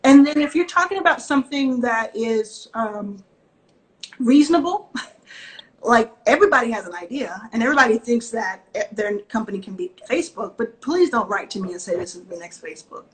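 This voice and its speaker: Southern woman investor, talks straight and lively, kinda high voice, over a video call. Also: normal speed, rough recording. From Southern US (Texas and Mississippi). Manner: direct, animated, acts out quotes. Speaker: venture capital investor, guest. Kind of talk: casual video-call interview.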